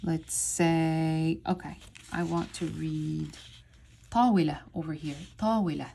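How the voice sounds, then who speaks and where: A woman teaching beginners to read, speaking at a very slow, deliberate pace. Her voice is dark and mellow. She breaks each word into syllables and says them over and over. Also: deep voice, steady tone, gravelly, slight background noise. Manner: sounds out syllables slowly and repeats words. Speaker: Arabic teacher. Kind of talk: slow step-by-step reading lesson.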